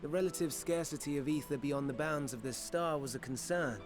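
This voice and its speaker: An actor playing a scholarly male sage in a fantasy game, explaining in formal, archaic, measured speech. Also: fairly high pitch, over music, close to an everyday voice. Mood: calm lecturing. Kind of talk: game cutscene voice acting.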